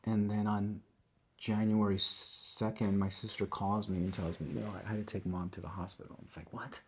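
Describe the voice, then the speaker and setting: A middle-aged man, a musician being interviewed, talking in a halting way and often repeating and restarting his words. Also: on the low side, flat delivery, slightly rough. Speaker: interview guest, tribute band musician. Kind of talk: casual interview conversation.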